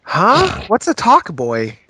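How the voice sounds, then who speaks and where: A man's voice: high voice, very animated, moderate pace, gravelly, a bit bright. A man co-hosting a podcast, answering as a bemused listener. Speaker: podcast co-host.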